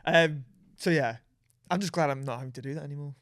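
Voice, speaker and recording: A man's voice: a little high, quick pace, no room sound. A man, co-hosting a podcast in casual chat, speaking reflectively and restarting his sentences. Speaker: podcast co-host.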